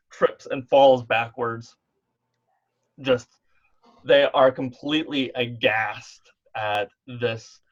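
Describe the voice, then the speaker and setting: Male game master, mid-pitched, rambling and hesitant delivery, dull online-call audio. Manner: rambling, lots of fillers and restarts. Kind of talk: running an online tabletop game.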